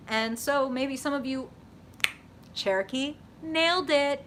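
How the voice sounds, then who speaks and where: A young woman hosting a live tarot reading, chatting with viewers in an animated, casual way, swearing freely and saying "like" often. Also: on the high side, normal speed, slight background noise.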